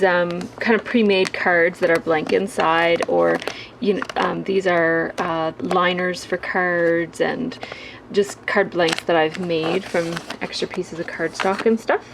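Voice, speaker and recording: A woman's voice: on the low side, noisy background. A woman giving a casual tour of her home craft room, chatty and rambling with lots of fillers. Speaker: crafting vlogger.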